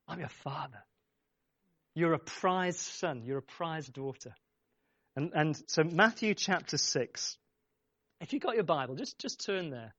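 A man's voice: fairly high pitch, a bit bright, no echo, lo-fi sound. A man preaching a sermon, speaking emphatically, repeating his phrases and urging the congregation on. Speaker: pastor.

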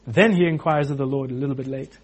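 A man preaching an informal sermon, animated, acting out quotes with frequent restarts. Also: medium pitch, fast, slightly rough.

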